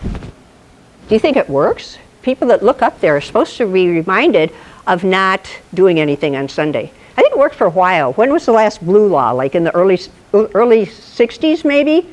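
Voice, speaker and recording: Animated woman presenting a lively astronomy talk. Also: medium pitch, normal speed. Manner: playful, animated, asks the audience questions. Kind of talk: lively storytelling lecture. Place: presentation to a live audience.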